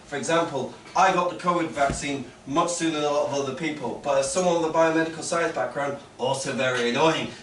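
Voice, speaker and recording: A man doing a sarcastic stand-up comedy set on a club stage, sometimes mocking online complainers in a loud put-on voice. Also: a little high. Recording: roomy club recording, heard from a distance, loud background noise.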